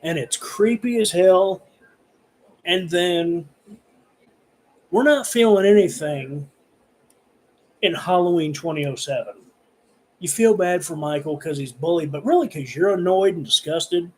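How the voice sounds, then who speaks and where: A man rants about horror movies into a camera he's recording himself with, cursing often and rambling through lots of fillers. His high-pitched voice is a little slow and a little mellow, and he pauses often. The recording is rough.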